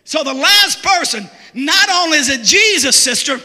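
A man preaching a sermon to a church, folksy and joking, rising often into shouts. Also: very high voice, animated, moderate pace, in a large hall.

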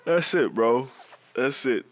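A man's voice: medium pitch, takes it slowly, no room sound. A young man co-hosting a podcast in casual banter, joking, laughing and restarting his sentences. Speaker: podcast co-host.

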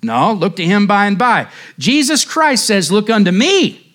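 A man's voice: fairly high pitch, animated, a little slow. A man voicing a fervent, rustic lay Methodist preacher who speaks in a folksy, plain-spoken way and preaches emphatically. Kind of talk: quoted sermon reading.

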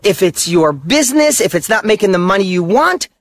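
High-voiced man giving a punchy motivational talk. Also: sing-song, a little fast. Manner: emphatic, punchy repeated short statements; blunt and candid, mild swearing. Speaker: motivational speaker and author. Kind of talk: motivational monologue.

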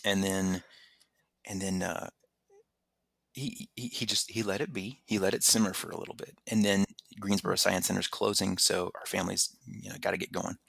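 Deep gravelly man telling a story. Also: normal speed, dry recording. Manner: animated, acts out quotes in raised voice, many restarts. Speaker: podcast guest telling his story. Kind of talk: casual storytelling.

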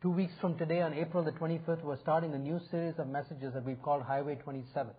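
Husky high-voiced pastor preaching. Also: male voice, steady tone, quick pace. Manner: earnest, inviting, rising and falling emphasis. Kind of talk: sermon. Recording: phone-like narrow sound.

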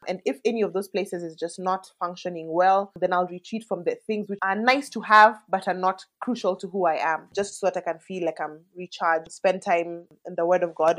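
A woman in her thirties, a mother and interview guest, talking candidly and reflectively in casual conversation, with lots of "like" fillers. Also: lowish voice.

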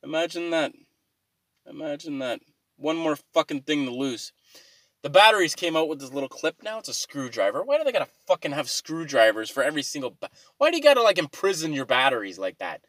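A man with a fairly high voice delivers a rambling, swear-heavy rant, sounding fed up and wry. The sound is close and dry, with no room echo. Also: big pitch swings, fast talker, fairly bright tone. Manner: rambling, exasperated, swears a lot. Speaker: vlogger. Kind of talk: profane comic rant.

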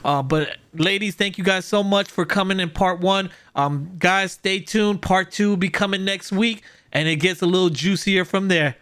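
A man's voice: high voice, normal speed, few pauses, fairly bright tone, smooth. A man hosting a casual podcast, upbeat and encouraging as he gives advice and signs off the episode. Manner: upbeat, encouraging, laughs along. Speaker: podcast host. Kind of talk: casual podcast chat and sign-off.

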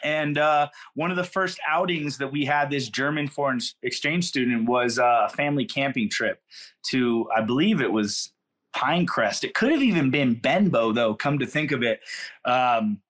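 With a medium-pitched, somewhat bright voice at a moderate pace, a middle-aged California man guesting on a podcast spins rambling, slangy, easygoing stories.

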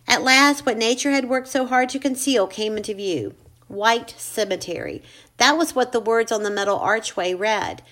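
A woman narrating a ghost story in a measured, suspenseful way. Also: on the high side, fairly bright tone. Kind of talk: scripted narration.

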